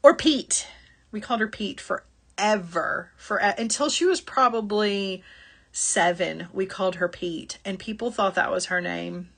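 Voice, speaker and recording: A woman's voice: medium pitch, unhurried, vocal fry, fairly bright tone. A middle-aged woman hosting a live jewelry-making shopping stream, chatty and apologetic, laughing often. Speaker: jewelry-making show host.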